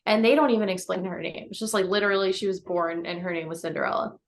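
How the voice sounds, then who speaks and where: A woman's voice: on the low side, fast. A woman co-hosting a podcast, chatting casually and enthusiastically, peppering her talk with likes and laughter. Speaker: podcast co-host. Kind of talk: casual chat.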